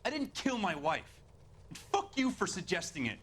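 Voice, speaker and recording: An edgy husband under questioning. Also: male voice, high voice, big pitch swings, normal speed, a bit bright, a little hiss or hum. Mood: angry. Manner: nervous, then angry outbursts. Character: defensive husband questioned over missing wife. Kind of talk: video game voice acting.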